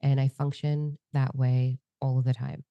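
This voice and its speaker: Very deep-voiced, candid woman podcaster. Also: unhurried, no room sound, lo-fi sound. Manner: candid, free-flowing, expressive storyteller. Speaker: podcast co-host. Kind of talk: casual heart-to-heart chat.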